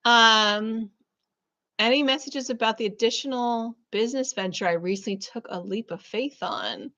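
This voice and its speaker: A fairly high-voiced woman talks warmly and effusively to her live-stream viewers from her room, her chat loaded with ums and soft asides. The audio is dull and lo-fi, like a muffled online stream. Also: animated, normal speed. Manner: warm, effusive, chatty with many fillers. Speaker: spiritual business coach hosting a live reading.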